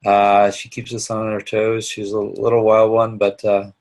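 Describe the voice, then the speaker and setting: A middle-aged man with a gravelly, lowish voice leads an online business class. He talks earnestly and haltingly, restarting his sentences often as he shares personal reflections with his students. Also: completely flat delivery, darkish tone. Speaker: instructor. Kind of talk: online live class talk.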